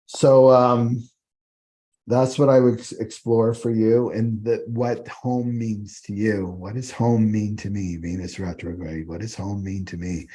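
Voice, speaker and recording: Male astrologer, low husky voice, rambling unscripted teaching style. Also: steady tone, measured pace, mellow. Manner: rambling, repeats "right?" often.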